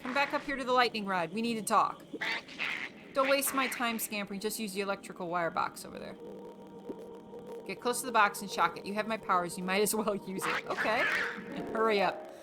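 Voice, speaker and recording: A woman's voice: medium pitch, a little fast, background noise, natural voice. A woman voicing a snooty, haughty male spirit guardian in a video game, talking down in a pompous, condescending way, with game music behind. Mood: bossy.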